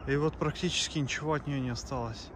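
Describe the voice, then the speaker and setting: A man's voice: medium pitch, fairly even intonation, fast, background noise. A man narrating a travel vlog in a loose, casual way, with filler sounds. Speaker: travel vlogger.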